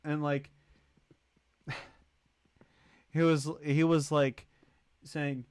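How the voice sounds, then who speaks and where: Slow, smooth-voiced male streamer. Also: on the high side, little pitch movement, no room sound. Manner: rambling, greets and thanks chatters. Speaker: livestream host. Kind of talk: casual livestream chat.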